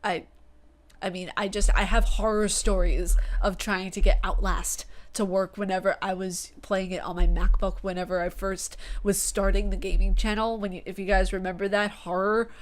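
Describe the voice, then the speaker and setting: A woman's voice: mid-range voice, level tone, normal speed. A woman with a New York accent chatting casually to her gaming channel, sassy and rambling, often correcting herself mid-sentence. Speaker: gaming YouTuber. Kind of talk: casual vlog chat.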